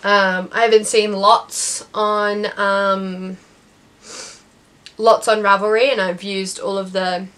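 A woman's voice: medium pitch, little pitch movement, slow pace, fairly bright tone. Chatty young woman, knitting vlog. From Australia. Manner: chatty and rambling, many ums and restarts. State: has the hiccups. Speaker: knitting podcast host. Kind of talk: casual chat.

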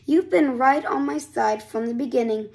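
A woman reading a picture book aloud, voicing an excited young boy trying to get home, in a lively, raised storybook voice. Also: high-pitched, moderate pace, vocal fry. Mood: reassuring.

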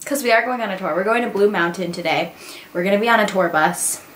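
A woman's voice: medium pitch, fast, fairly bright tone, slight background noise, poor audio. A woman of twenty-one chatting casually to her camera as a vlogger, often laughing. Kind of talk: casual vlog chat.

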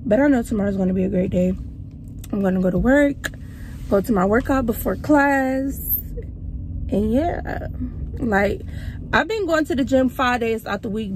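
A woman's voice: a little high, darkish tone, a little hiss or hum, rough recording. A young woman talking casually to her viewers in a vlog while out on errands, chatty and easily exasperated, a little out of breath from walking. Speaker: vlogger. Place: out and about, walking and driving.

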